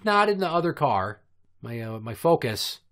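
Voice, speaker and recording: Male podcast host in his thirties, mid-pitched, crude comic storyteller who rambles in long profane rants. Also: very animated, normal speed, fairly bright tone.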